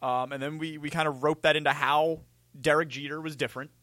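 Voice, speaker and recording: Man, radio co-host, deadpan teasing, bright voice, dry studio sound. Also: a little high, brisk, no echo. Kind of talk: casual radio banter.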